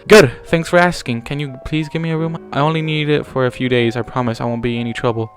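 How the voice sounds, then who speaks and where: A man's voice: mid-range voice, fairly even intonation, fast, natural voice. An eager, bookish young unicorn mare, read by a man in nearly his own voice talks earnestly and trips over her words now and then. Faint music plays underneath the storybook reading.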